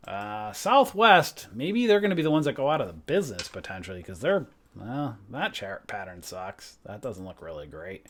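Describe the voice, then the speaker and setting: A man's voice: fairly low pitch, big pitch swings, normal speed, fairly bright tone. A man hosting a trading livestream, thinking aloud in casual talk, trailing off and correcting himself.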